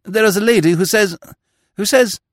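A man's voice: high voice, normal speed, no room sound, studio quality, pitched above the performer's own voice, lightly acted. A man voicing a flustered male court attendant who stammers in a raised, breathless voice in an audiobook reading.

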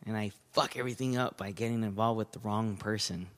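A man's voice: fairly low pitch, steady tone, a little fast. A man as a podcast guest in casual chat, talking candidly and swearing freely.

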